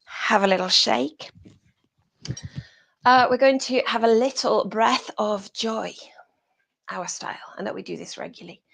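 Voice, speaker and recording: Yoga teacher, british woman, slow and husky, gravelly edge, gentle breathy cues on a video call. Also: fairly high pitch. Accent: British English. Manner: soft-spoken breathy cueing, often whispered. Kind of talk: guided yoga class over video call.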